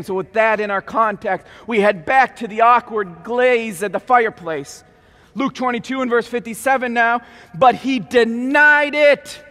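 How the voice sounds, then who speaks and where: A man preaching a keynote sermon, dramatically acting out scripture scenes with sudden loud outbursts. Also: extremely high pitch. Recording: long hall reverb.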